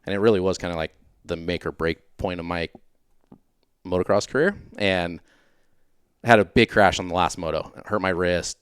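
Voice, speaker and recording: Deep-voiced man telling stories, laid-back. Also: fairly even intonation, moderate pace, pauses often, smooth, no room sound, studio quality. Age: late 30s. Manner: laid-back, rambling, filler-heavy. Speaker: podcast guest, former racer. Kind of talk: casual interview storytelling.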